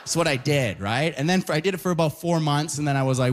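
A man's voice: fairly high pitch, animated, fast talker. A man doing stand-up comedy, telling stories with constant "right?" tags at the ends of lines.

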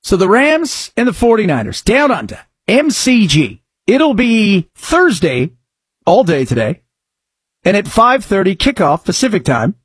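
A man hosting a talk radio show, chatting excitably and rambling about sports news. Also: high-pitched, breathy edge, no room sound.

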